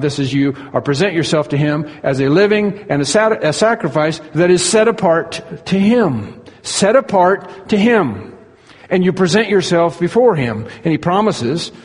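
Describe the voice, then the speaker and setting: Male preacher, somewhat high voice, earnest teaching sermon, long hall reverb. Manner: earnest expository preaching, stretches key words slowly.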